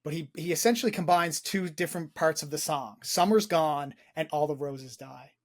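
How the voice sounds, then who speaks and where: Enthusiastic rambling man, slightly high voice. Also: moderate pace. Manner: enthusiastic, rambling, repeats words, swears freely. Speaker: podcast co-host. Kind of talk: casual film discussion.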